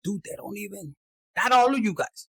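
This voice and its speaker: High, gravelly man. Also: normal speed, no room sound, poor audio. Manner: animated, slangy, mixes in Spanish phrases. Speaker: tarot reader. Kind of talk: casual tarot reading to camera.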